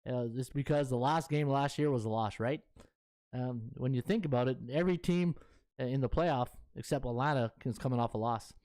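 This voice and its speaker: A man's voice: mid-range voice, a little fast, a little mellow. A middle-aged man, a sports betting handicapper chatting casually on a live stream and thinking aloud as he scrolls through stats.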